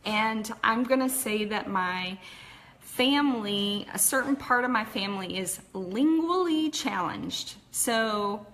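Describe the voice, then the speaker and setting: A woman from Texas, with a Texas accent, tells her personal story slowly in a fairly bright, expressive, higher voice, with a little hiss or hum in the audio. Her talk is candid and chatty, packed with fillers.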